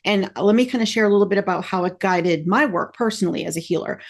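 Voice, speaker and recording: A woman hosting a podcast interview, chatting in an excited, effusive and rambling way. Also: mid-range voice, fast. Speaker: podcast host. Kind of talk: casual interview chat.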